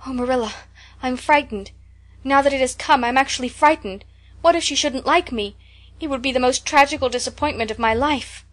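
A woman doing a dramatic, excitable orphan girl. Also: brisk, lightly acted. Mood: anxious. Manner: breathless, theatrical, high-flown words.

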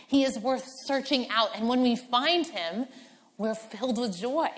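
A woman pastor delivers a sermon in a church. Her delivery is animated, and she acts out the voices of biblical figures and of her listeners as she goes. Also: medium pitch.

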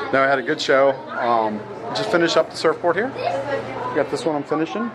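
A man's voice: on the high side, sing-song, moderate pace, over a noisy crowd. A man making a casual travel vlog about his life as an artist, chatty and self-mocking, laughing often. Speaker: vlogging artist.

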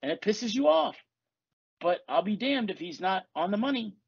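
A man's voice: sits high, big pitch swings, moderate pace, gravelly, breathy edge, no room sound, lo-fi sound. A man hosting a podcast, talking casually and bluntly with lots of swearing, as a life coach. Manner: blunt, profane, confessional. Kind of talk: casual chat.

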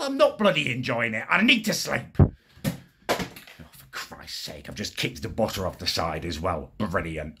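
A man's voice: mid-range voice, sharp tone. A young man telling a vlog story about his neighbour in an exasperated, sweary way. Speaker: vlogger.

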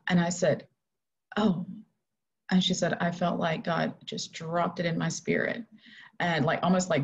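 A middle-aged woman telling a personal faith story in an earnest, halting way, full of fillers, as a podcast guest. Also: fairly low pitch, fairly even intonation, gravelly, slightly rough. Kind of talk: emotional personal testimony.

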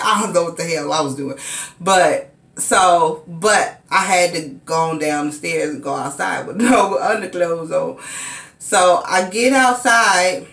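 A woman telling a personal story in casual vlog style, sometimes acting out frantic cries in a high voice. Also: pushed and bright. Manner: emotional retelling, acts out frantic cries in high pitch. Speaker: vlogger. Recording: echoey room.

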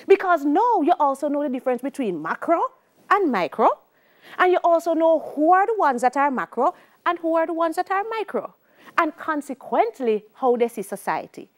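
A middle-aged Jamaican woman teaching a sociology exam-prep lecture. She talks in a lively way and slips into patois when she tells stories. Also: sits high, normal speed. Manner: lively, shifts into patois for anecdotes.

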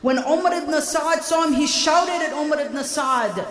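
A man's voice: very high voice, measured pace, fairly bright tone. A man delivering an impassioned mourning sermon as a preacher, chanting Arabic recitations between his narration. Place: large congregation hall. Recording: echoey hall, voice from far off.

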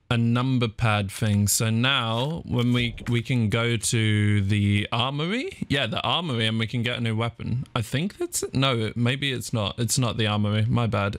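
A young man commentating his own horror game playthrough, talking through every move and breaking into shrill panicked yelps when startled. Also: a bit bright. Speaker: gaming streamer. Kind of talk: let's play commentary. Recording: game sounds and clicks behind the voice.

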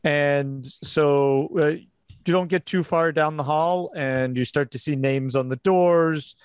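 A man narrating as game master for a tabletop role-playing game, pausing and restarting often. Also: fairly high pitch, fairly even intonation, smooth, no room sound. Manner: hesitant, many restarts.

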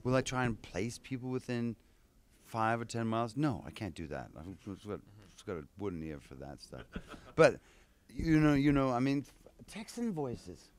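Male voice actor guest, musing and discursive, mid-pitched, easygoing. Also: sing-song, moderate pace. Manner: musing, full of restarts and asides. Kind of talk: casual convention interview.

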